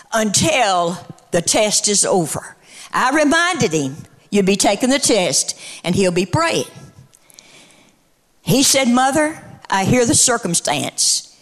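With a fairly high-pitched voice, a middle-aged woman delivers a sermon. She preaches in a rhythmic cadence that climbs into shouting, then turns to telling a story.

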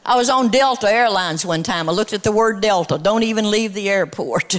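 Preaching at a moderate pace and medium pitch, a middle-aged woman builds her sermon's rhythmic cadence up to shouts. Afterward she changes course and tells a story.

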